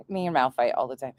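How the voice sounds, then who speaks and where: Woman, nasal, upper Midwest accent, low-pitched, profane casual commentary, dry close sound. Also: darkish tone, dry recording. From North Dakota, raised in Montana. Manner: blunt, profane, laughing. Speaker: commentary streamer.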